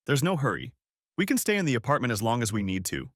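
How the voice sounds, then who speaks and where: Audiobook wife narrator, voiced by a man: gentle, pleading, expressive pitch, dry sound. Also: fast talker, no room sound. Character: soft-spoken unfaithful wife, middle-aged woman. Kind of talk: audiobook story reading.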